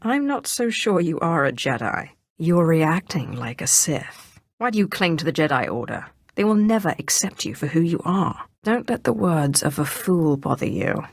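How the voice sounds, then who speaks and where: A woman's voice: sits low, big pitch swings, moderate pace, hardly any pauses, breathy edge, no room sound, studio quality, heavily acted. An actress voicing a proud, commanding female Sith sorcerer in a video game, assured and imperious. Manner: assured, imperious, with softer intimate asides. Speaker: game player character.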